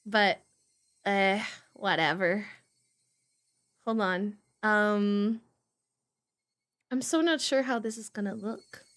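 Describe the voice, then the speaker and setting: A woman's voice: medium pitch, takes it slowly, pauses often, a bit bright. A woman streamer chatting casually between reading passages, giggly and rambling, easily sidetracked. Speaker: voice acting streamer. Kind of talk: casual chat.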